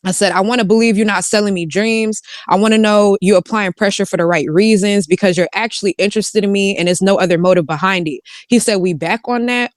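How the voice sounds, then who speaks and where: Woman, reads chat logs aloud with side comments, smooth voice, dry close sound. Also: lowish voice, dry recording. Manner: reads texts in quotes, with asides and swearing. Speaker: guest reading out text messages. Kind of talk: casual reading of text messages aloud.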